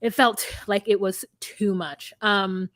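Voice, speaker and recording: Woman co-host, blunt and profane, animated recap chat, dry close sound. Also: mid-range voice, slow pace, no room sound. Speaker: podcast co-host.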